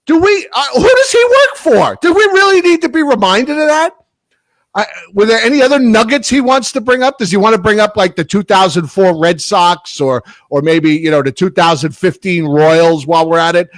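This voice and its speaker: A man's voice: sits high, animated, moderate pace, no room sound. A man with a New York accent, co-hosting a casual sports podcast and ranting sarcastically. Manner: sarcastic ranting, laughs often. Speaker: podcast co-host.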